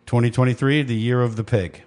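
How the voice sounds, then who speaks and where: A man's voice: medium pitch, fairly even intonation, fairly quick, a little mellow. A man co-hosting a casual podcast, joking and cutting in often. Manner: jokey, interjecting. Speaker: podcast co-host.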